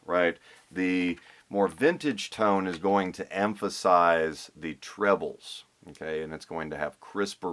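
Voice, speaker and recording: Deep-voiced man explaining guitar work. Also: a bit bright. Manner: thinks aloud, restarts with fillers. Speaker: guitar restorer. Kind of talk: casual explanatory talk.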